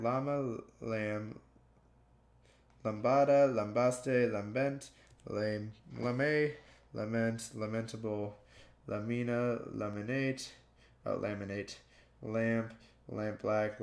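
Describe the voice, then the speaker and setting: A man slowly reading dictionary words aloud one by one, stumbling and restarting now and then. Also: fairly low pitch, a little mellow. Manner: slow, plodding word-by-word reading with stumbles. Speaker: gaming youtuber.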